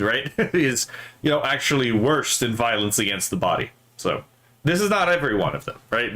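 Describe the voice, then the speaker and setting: Male streamer host, mid-pitched, loose profane commentary with lots of "right?" tags. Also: fairly bright tone. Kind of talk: casual political commentary.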